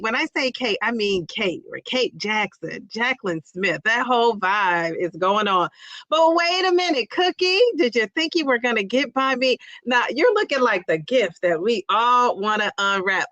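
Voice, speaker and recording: A woman's voice: on the high side, expressive, moderate pace, sharp tone, no room sound. A middle-aged woman hosting a casual livestream, greeting viewers by name in a bubbly, playful way and laughing at her own jokes.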